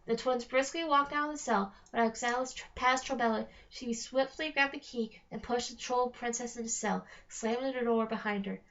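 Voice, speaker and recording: A woman reading a novel aloud in a steady storytelling manner, slowing on key phrases. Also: fairly high pitch. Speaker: reader. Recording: dull lo-fi recording.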